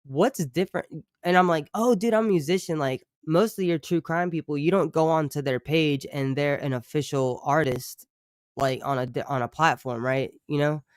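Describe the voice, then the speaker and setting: Man, live-stream host, profane, rambling, smooth clear voice, dry close sound. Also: a little high, moderate pace, dry recording. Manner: profane, rambling, animated asides to chat. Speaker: true crime streamer and musician. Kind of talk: casual live-stream chat reading chat.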